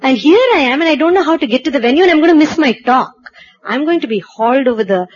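Animated woman telling a story. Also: high voice, fast, lo-fi sound. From India. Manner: animated, acts out dialogue, laughs at herself. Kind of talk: personal anecdote told to an audience.

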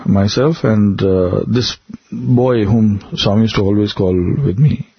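A man's voice: fairly low pitch, fairly even intonation, a little slow, vocal fry, husky, dry recording, lo-fi sound. A man recounting personal memories in an earnest, reflective interview, often laughing between stories. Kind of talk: conversational storytelling interview.

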